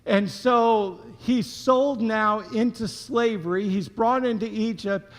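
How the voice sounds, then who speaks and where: A pastor delivers a sermon in a fairly high voice, telling the story in a loose, conversational way and dropping casual slang. His voice rings out with a long church reverb behind it. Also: slow. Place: church sanctuary.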